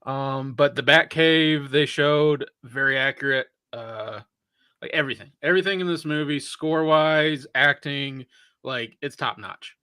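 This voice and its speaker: Bright, enthusiastic man reviewing a film. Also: mid-range voice, measured pace, smooth, no room sound. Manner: enthusiastic, uses "like" a lot. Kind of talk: casual film review chat.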